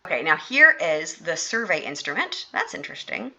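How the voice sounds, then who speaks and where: A woman's voice: sits low, very animated, moderate pace, pushed and bright, poor audio. A woman host giving casual, sarcastic and exasperated commentary on court filings.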